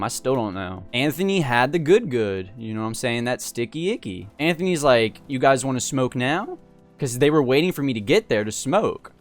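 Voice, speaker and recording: A man telling a personal story in a casual, animated way, full of slang. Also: mid-range voice. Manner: slangy, animated and laid-back. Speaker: storyteller host.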